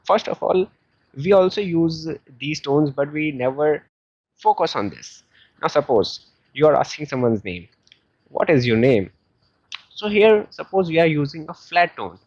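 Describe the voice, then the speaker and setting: A man with a South Asian English accent teaching a beginner language lesson, explaining slowly and patiently with many fillers. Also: on the high side, expressive, a little mellow, no echo. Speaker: Chinese teacher. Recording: dull lo-fi sound.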